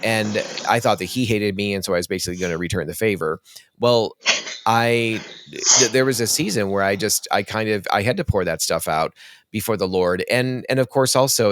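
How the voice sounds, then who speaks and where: A man's voice: fairly low pitch, dry recording. A man hosting an interview, reflecting thoughtfully and rambling a little before he asks his guest a question. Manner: thoughtful, rambling with restarts and soft affirmations. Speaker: podcast host.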